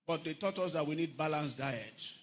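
A man preaching a lively sermon, often lifting his voice into a sing-song and asking the congregation whether they are following. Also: fairly high pitch, normal speed. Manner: animated preaching, sing-song emphasis, asks the congregation questions.

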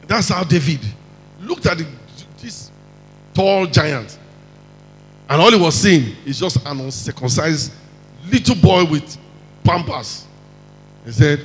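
Animated Nigerian preacher in a reverberant hall. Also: male voice, on the high side, unhurried, long pauses, a little hiss or hum. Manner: animated, mixes in pidgin, acts out quotes. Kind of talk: sermon.

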